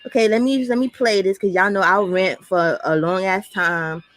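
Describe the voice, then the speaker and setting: In this ranting reaction video, a woman with a mid-range voice and fairly even intonation swears freely and speaks bluntly at a fast clip. She's a commentary vlogger, recorded close and dry with no echo.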